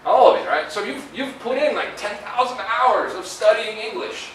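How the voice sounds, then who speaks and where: A middle-aged guest lecturer gives a conversational career talk in a university lecture hall, full of fillers and tag questions. His high voice is expressive and fairly bright at normal speed, recorded far from the mic in an echoey hall with slight background noise.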